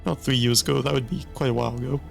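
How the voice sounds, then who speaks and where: A man's voice: medium pitch, fairly even intonation, very fast, gravelly, faint music behind. A man reading a story game aloud with dry asides to viewers. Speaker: game streamer.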